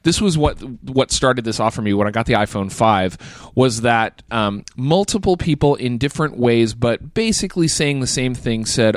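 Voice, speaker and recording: A man's voice: mid-range voice, lively intonation, moderate pace, no room sound. A man hosting a casual podcast, ranting in a profane, exasperated way and swearing often. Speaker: podcast host.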